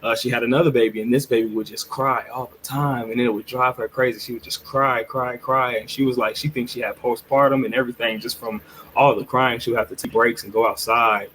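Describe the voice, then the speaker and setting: A man's voice: medium pitch, fairly even intonation, a little fast, fairly bright tone, slight background noise, rough recording. A man co-hosting a podcast, telling a story in a rambling, earnest way full of restarts. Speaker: podcast co-host. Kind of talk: casual storytelling chat.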